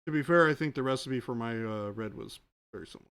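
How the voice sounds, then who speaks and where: Co-hosting a miniature painting livestream, this man responds to chat questions casually and with plenty of fillers. He talks quickly in a medium-pitched voice that is clear, resonant and fairly bright.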